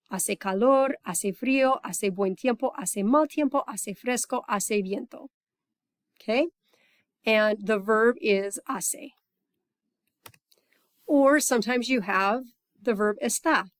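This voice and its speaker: A woman's voice: medium pitch, dry recording. Woman teaching a language lesson. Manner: patient, repeats okay often; reads Spanish example phrases slowly. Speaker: Spanish teacher. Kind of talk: recorded classroom lesson.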